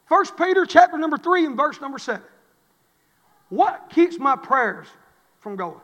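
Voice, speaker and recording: A middle-aged man, a pastor preaching a sermon, swinging between fervent, rising exhortation and quiet storytelling. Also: extremely high pitch, very animated, unhurried, long pauses, big-room sound. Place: church.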